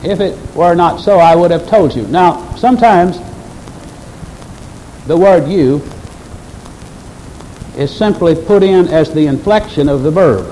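A man's voice: fairly high pitch, a little slow, long pauses, dark tone, slight background noise, poor audio. A male pastor preaching a sermon earnestly and emphatically, speaking straight to his congregation.

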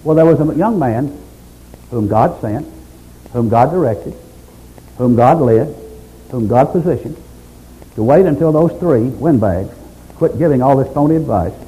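A man's voice: mid-range voice, lively intonation, unhurried, long pauses, dark tone, low-quality recording. A man preaching a sermon, emphatic, stacking up repeated phrases.

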